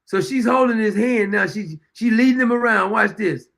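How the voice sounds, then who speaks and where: High, gravelly-voiced man spinning stories. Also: moderate pace, a bit bright. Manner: chuckles often while telling anecdotes; folksy, repeats phrases for emphasis. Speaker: show host. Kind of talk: casual storytelling monologue.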